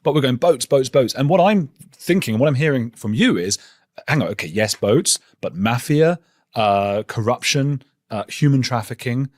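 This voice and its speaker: A man's voice: medium pitch, expressive, moderate pace, a little mellow, no echo, clean studio sound. A man interviewing a guest, inquisitive and thinking aloud as he asks questions.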